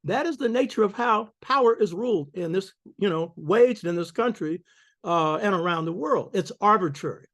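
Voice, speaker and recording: Older male lecturer, emphatic preacherly delivery, slightly high-pitched voice. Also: lively intonation, moderate pace, fairly bright tone. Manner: preacherly, emphatic, calls out "you hear me?". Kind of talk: public lecture.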